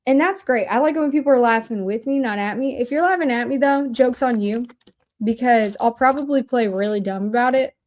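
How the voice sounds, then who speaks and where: A woman from Indiana hosting a casual livestream, bubbly and excitable, chatting straight to her viewers. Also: fairly high pitch, fairly quick. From Indiana, USA. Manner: bubbly, excitable, talks to chat. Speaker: livestream host.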